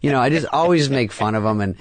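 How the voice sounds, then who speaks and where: A man's voice: mid-range voice, expressive, quick pace, slight background noise. A man from Arizona reminiscing in a casual interview with a sardonic, offhand manner. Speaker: comedian interviewee.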